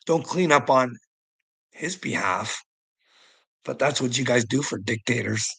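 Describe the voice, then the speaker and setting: A man's voice: medium pitch, lively intonation, measured pace, vocal fry, fairly bright tone, slightly rough, poor audio. A middle-aged man talking casually on a livestream, rambling, teasing viewers, swearing freely and laughing often. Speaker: livestream host.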